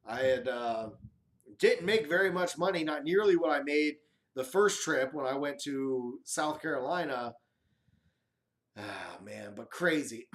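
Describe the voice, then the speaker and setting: A man's voice: on the high side, fairly bright tone. A man hosting a casual live chat, telling a rambling, profane story and acting out what people said. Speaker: live stream host. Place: home, live stream.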